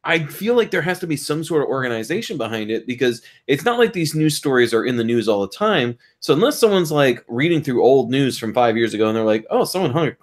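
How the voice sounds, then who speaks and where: A young man co-hosting a podcast and riffing playfully off his co-host. His pitch is mid-range but swings widely as he talks. He slips into quick acted-out voices to land a joke. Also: sing-song. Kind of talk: casual podcast banter.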